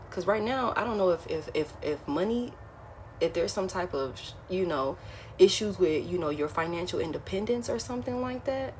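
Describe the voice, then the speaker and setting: A woman's voice: lowish voice, a little mellow, a little hiss or hum. A woman giving a casual, frank tarot reading who keeps repeating her key phrases. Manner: repeats phrases, frank and blunt, addresses listener as baby. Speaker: tarot reader.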